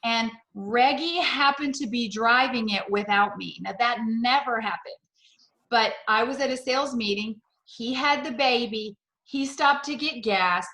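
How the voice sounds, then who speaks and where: This middle-aged woman speaks over a video call from an echoey room, her voice sitting a little high. She tells warm, enthusiastic stories as part of a motivational sales talk. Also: unhurried. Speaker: sales director.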